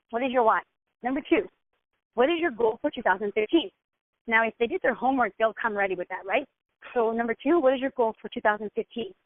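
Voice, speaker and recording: A woman's voice: on the high side, no echo. Woman coaching over a tinny phone line. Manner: direct, peppers points with "okay?". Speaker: team mentor trainer. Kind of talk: coaching instruction.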